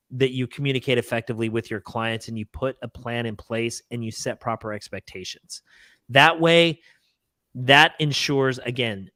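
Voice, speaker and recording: A man's voice: mid-range voice, fairly bright tone, no room sound. Man cohost signing off a real estate show, earnest, calls everyone folks, dry close mic. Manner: earnest, encouraging, addresses listeners as folks and guys. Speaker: real estate podcast co-host. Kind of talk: casual business chat, show wrap-up.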